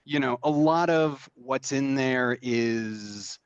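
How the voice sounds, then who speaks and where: A man's voice: medium pitch, takes it slowly, clear, resonant tone, no room sound, dull audio. A man talking casually in an interview about making games, rambling with many fillers and restarts. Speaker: game designer guest.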